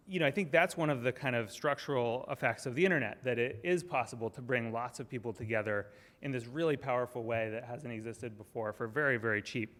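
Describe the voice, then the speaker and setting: A man's voice: mid-range voice, a bit bright. A man in his thirties giving a lecture, telling a story in a chatty way with many fillers and restarts. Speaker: guest lecturer. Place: lecture hall. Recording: long hall reverb.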